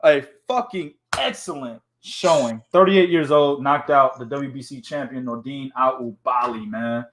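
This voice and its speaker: A man co-hosting a boxing talk show, loud and animated, full of slang, profanity and laughter. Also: mid-range voice, a little slow, hardly any pauses, slight background noise. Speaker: boxing podcast co-host. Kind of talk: casual profane chat.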